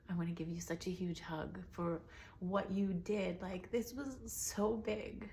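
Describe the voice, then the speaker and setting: A young woman giving an emotional, soothing intuitive reading straight to the listener, often dropping into soft whispers. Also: on the low side, steady tone, measured pace, a little hiss or hum. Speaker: tarot reader.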